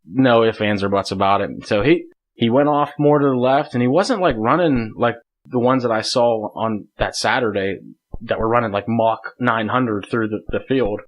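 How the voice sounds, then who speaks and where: Podcast guest, male, mid-pitched, casual storyteller who laughs a lot and rambles. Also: moderate pace. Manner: laughs often, rambling with many "like" fillers. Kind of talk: casual hunting story told in conversation.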